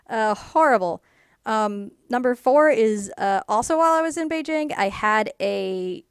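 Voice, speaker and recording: A woman casually telling a personal story to camera in a rambling way, full of fillers, and animated when she quotes people. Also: fairly high pitch, fairly quick, clear, resonant tone, no echo, studio quality. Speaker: YouTuber.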